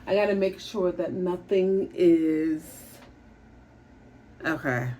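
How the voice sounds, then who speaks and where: A woman with a lowish, mellow voice recaps a TV episode from her office, chatty and casual, acting out the characters' lines in quick voices. She's a TV show reviewer and therapist, recording on a makeshift setup without her usual gear.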